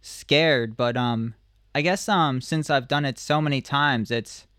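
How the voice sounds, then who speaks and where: Smooth-voiced, hesitant comedian man. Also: mid-range voice, measured pace, bright, forceful tone, no echo, studio quality. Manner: hesitant, many ums, thinks aloud. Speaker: stand-up comedian and guest. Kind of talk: casual chat.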